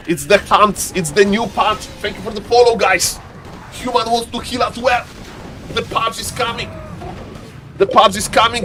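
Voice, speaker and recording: A man streaming live commentary on a strategy game, lively and playful, teasing his chat. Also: normal speed. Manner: lively, playful, keeps saying "ladies and gentlemen"; shifts into a deeper joking voice for a subscriber.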